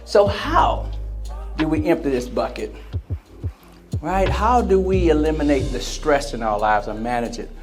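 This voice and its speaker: A man's voice: on the high side, expressive, unhurried, music in the background. A man giving a conference speech on emotional wellness, drawing the audience in with questions and acted-out quotes. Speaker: motivational speaker. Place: large convention center hall.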